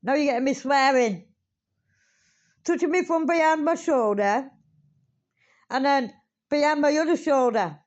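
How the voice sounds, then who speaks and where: A woman reacts on camera in a loose, dramatic way and speaks right to her viewers. Her voice sits a little high. The recording is dull and lo-fi. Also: unhurried, long pauses. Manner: dramatic, talks straight to viewers, swears. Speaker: reaction video host. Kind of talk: casual reaction commentary.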